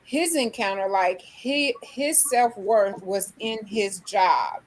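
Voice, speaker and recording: A woman's voice: mid-range voice, slow, low-quality recording. A woman in a discussion who retells a story earnestly, often saying "like". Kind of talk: casual discussion.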